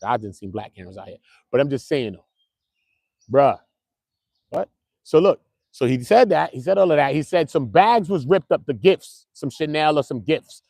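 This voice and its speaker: A man hosting a casual online commentary show, animated and slangy, talking straight to his viewers. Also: a little high, moderate pace, gravelly, no room sound. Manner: animated, slangy, keeps calling viewers bro. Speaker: commentary channel host.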